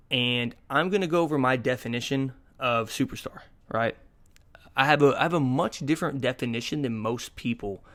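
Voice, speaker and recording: A man in his twenties delivers a loose, rambling solo monologue on his own podcast in a medium-pitched voice. He curses freely and tells jokey tales, with occasional sudden surges of energy.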